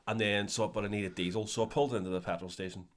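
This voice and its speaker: A quick-talking man with a Belfast accent and a fairly low voice, spinning a story in relaxed podcast banter. He swears freely and puts on the voices of the people he meets as he goes. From Northern Ireland. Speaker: podcast co-host. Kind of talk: casual storytelling chat.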